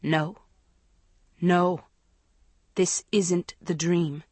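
A woman reading an audiobook, voicing a frightened teenage girl lost in dark tunnels, with gasping, high, frightened cries. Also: steady tone, very slow, no room sound. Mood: shaky self-calming.

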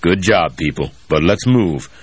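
A man doing a terse, husky military colonel. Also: sits low, lively intonation, unhurried, no room sound, pitched below the performer's own voice, full character voice. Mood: curt. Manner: terse, clipped orders. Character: gruff male military colonel, commanding.

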